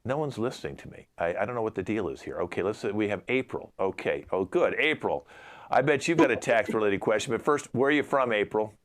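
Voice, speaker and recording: A man hosting a mock radio tax call-in show in an improv comedy show, exasperated and dishing out deadpan put-downs. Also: on the low side, fast. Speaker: improv host playing radio tax advisor. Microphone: video call.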